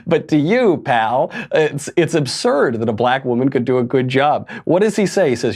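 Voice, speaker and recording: A man's voice: fairly high pitch, sing-song, moderate pace, a little mellow. A man hosting a political commentary show, talking in a sarcastic, mocking way and laughing between his points. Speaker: host.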